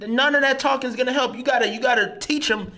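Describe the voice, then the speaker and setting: A man hosting a comedic reaction video, talking in an animated, slangy way. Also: very high-pitched, fast talker.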